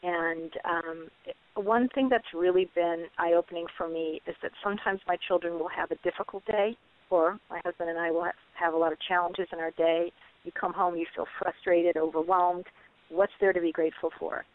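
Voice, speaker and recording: A woman's voice: lowish voice, fairly even intonation, normal speed. Earnest woman on a tinny webinar line. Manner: earnest storytelling, acts out her children's voices. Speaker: parenting author and guest. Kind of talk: webinar interview. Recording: tinny phone-like webinar audio.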